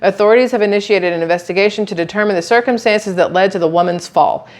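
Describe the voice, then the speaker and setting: Woman, casual vlog chat, reads news aloud, sarcastic asides, mid-pitched voice. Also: fast talker. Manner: chatty, sarcastic asides, stumbles over words. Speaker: vlogger reading news.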